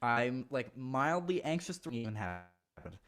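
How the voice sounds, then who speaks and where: A young man recounting a story in a casual chat, animated and laughing, acting out what people said. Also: mid-range voice, unhurried. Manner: animated, laughing, acts out quotes. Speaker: guest.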